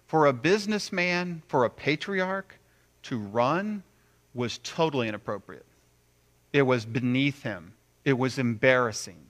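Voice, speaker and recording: A man preaching a sermon, animated, acting out quoted voices with big swings between loud and quiet. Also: fairly high pitch. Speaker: pastor.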